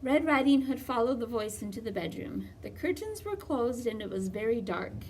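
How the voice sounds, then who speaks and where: A woman reading a children's storybook aloud in a slow, expressive way. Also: on the high side, far from the mic, slight background noise.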